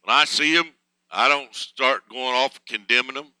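A man's voice: medium pitch, normal speed, bright, forceful tone, smooth, no room sound, low-quality recording. A man preaching a conversational sermon in a folksy, plain-spoken way, chuckling between thoughts.

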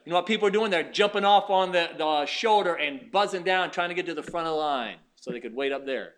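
Animated preacher man with a bright voice. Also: fast. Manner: storytelling, swings from quiet asides to loud high exclamations. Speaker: pastor. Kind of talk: sermon.

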